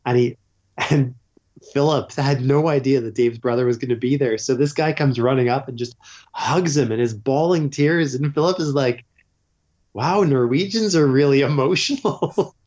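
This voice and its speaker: A man's voice: mid-range voice, moderate pace, darkish tone, muffled recording. A man guest telling a long story in a casual, rambling way, full of fillers. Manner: rambling, filler-heavy with frequent "like".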